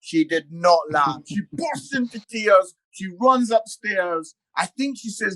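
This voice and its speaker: A father chatting casually as a podcast guest, telling a self-mocking story in an animated way. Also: sits high, slow. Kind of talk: casual chat.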